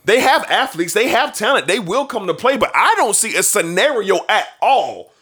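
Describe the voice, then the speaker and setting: A man co-hosting a casual sports talk show, animated, with laughs and drawn-out exclamations. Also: high voice, husky.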